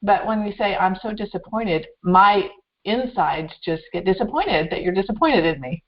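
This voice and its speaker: A woman's voice: medium pitch, animated, moderate pace, muffled recording. A woman hosting a talk show, reflecting aloud in a conversational way with small restarts. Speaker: host. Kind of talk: conversational interview.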